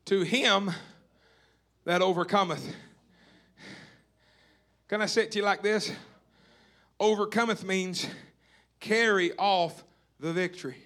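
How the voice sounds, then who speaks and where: Preacher, very high and bright voice, emphatic and repetitive. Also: male voice, takes it slowly, long pauses. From Tennessee. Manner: emphatic, repetitive calls to the congregation. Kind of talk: sermon. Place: church or camp meeting hall.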